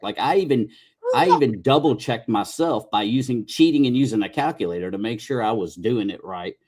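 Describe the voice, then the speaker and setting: A man's voice: medium pitch, animated, normal speed, darkish tone. A middle-aged man hosting a podcast, telling rambling, folksy stories in casual chat with restarts and mild cursing. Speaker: podcast host.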